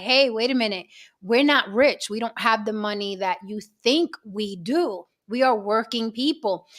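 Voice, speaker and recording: A woman's voice: medium pitch, fairly bright tone. A woman hosting a casual livestream chat show, blunt and profane, talking straight to her chat.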